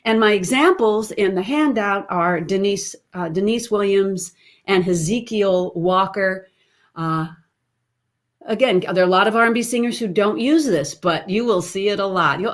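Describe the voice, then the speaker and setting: During an online webinar lesson on her computer mic, a woman voice teacher speaks at a moderate pace in a medium-pitched voice. She's chatty, explaining as she goes and demonstrating sounds and sung snippets mid-explanation.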